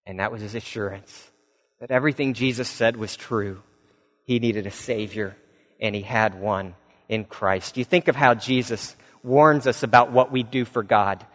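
A man's voice: mid-range voice, moderate pace, a bit bright. A male pastor preaching a sermon in a conversational, storytelling way with touches of humor and casual fillers. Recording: long reverb of a large hall.

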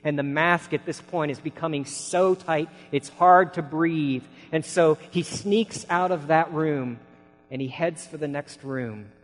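Male pastor, slightly high voice, dramatic storyteller in a sermon, echo of a big hall. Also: unhurried. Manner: dramatic storytelling, swinging from hushed to shouting. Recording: long hall reverb.

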